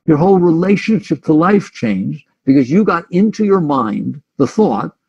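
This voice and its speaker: A man's voice: fairly high pitch, sing-song, moderate pace, darkish tone, breathy edge, lo-fi sound. A man giving a reflective, conversational spiritual talk as a teacher, sometimes speaking his listeners' inner thoughts aloud.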